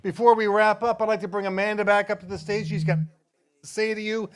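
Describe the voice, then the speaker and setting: A man's voice: high voice, a little fast. A man hosting a live comedy show, thanking the comics and hyping the crowd. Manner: excited, shouty hype. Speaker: show host. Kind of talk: closing announcements at a live show. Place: live venue with an audience.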